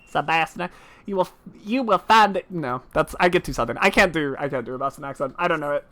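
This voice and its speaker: A woman's voice: low voice, expressive, fast talker, fairly bright tone. A woman streamer chatting casually over a game, laughing often and breaking off mid-sentence. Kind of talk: casual gaming commentary.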